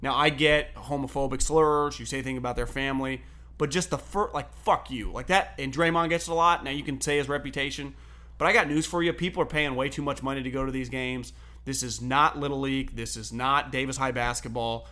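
A man co-hosting a sports talk show, telling stories in an animated, profane way and laughing often. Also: mid-range voice, fairly quick. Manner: animated storyteller, swears freely, laughs often. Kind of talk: casual sports debate chat.

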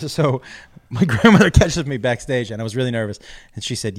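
A man's voice: mid-range voice, fast talker, no room sound, clean studio sound. An older comedian telling family stories on a podcast, acting out the voices of his relatives and laughing as he goes. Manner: animated storyteller, acts out quoted family voices, laughs often. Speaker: comedian guest. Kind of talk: casual storytelling on a podcast.

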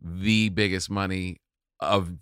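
A middle-aged man, a comedian guest on a podcast, chatty and rambling and quick to laugh. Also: sits low, steady tone, a bit bright, clear, resonant tone, no room sound, studio quality. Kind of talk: casual podcast conversation.

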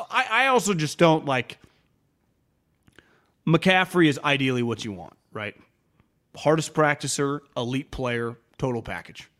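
A man co-hosting a sports talk podcast, with a voice pitched a bit high for a man. He talks in a lively, animated way and keeps slipping into quick impressions of the players he is quoting. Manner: animated, quotes players in mock voices, many restarts.

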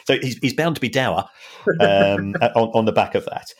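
A man co-hosting a podcast, analysing in a wry, halting way with many restarts. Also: lowish voice. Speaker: podcast co-host and finance analyst. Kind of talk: casual podcast chat.

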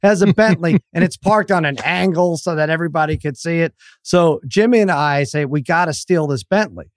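With a fairly high pitch and a brisk delivery, this middle-aged man, a comedy writer and regular on the podcast, swaps prank stories in laughter-filled casual conversation. The recording is dry and studio quality.

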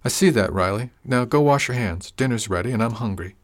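A practical farm mother, as a male narrator puts her on. She is brisk and matter-of-fact, lightly voiced in storybook style. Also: mid-range voice, lively intonation, close to an everyday voice.

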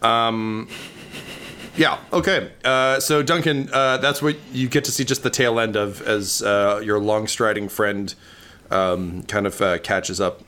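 A man's voice: lowish voice, measured pace, a bit bright, clean tone. A man narrating as game master of a tabletop role-playing game, casual and jokey.

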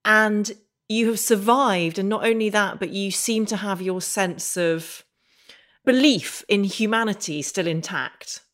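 A woman's voice: medium pitch, measured pace, a bit bright. A woman hosting an interview, asking long, earnest questions. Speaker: podcast host.

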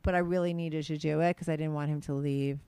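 A woman hosting a podcast, rambling excitedly and laughing easily, feeling hyper and giddy. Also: sits low, fast talker, clear, resonant tone, dry recording. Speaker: podcast host. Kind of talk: casual podcast chat.

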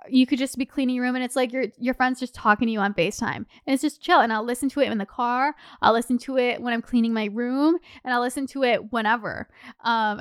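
A woman's voice: on the high side, clear, resonant tone, no echo, studio quality. A young woman in her twenties hosting a solo podcast, talking casually and passionately, with lots of "like" and casual swearing. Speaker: podcast host.

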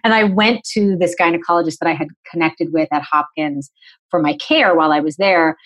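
A woman in her forties from New England speaks as a guest on a podcast. Her voice sits low for a woman. She tells her story in a lively, articulate way, acts out the dialogue, and explains ideas clearly. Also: brisk, low-quality recording. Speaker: podcast guest, nutritionist and author. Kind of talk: conversational storytelling interview.

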